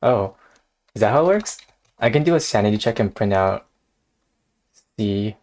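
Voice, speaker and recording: A man's voice: lowish voice, lively intonation, moderate pace, a little mellow. A man hosting a casual live coding stream, thinking aloud in a hesitant way and often laughing. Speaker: streamer host.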